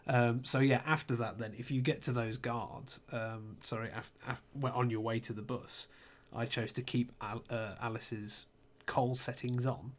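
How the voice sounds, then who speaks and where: A man talks casually on a podcast in a mid-range voice. He rambles through his story, stops to restart his sentences, and fills the gaps with ums. His voice stays relaxed and conversational. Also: mid-range voice, unhurried, hardly any pauses. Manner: rambling, recounts game scenes with many ums and restarts. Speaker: podcast co-host. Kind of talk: casual chat.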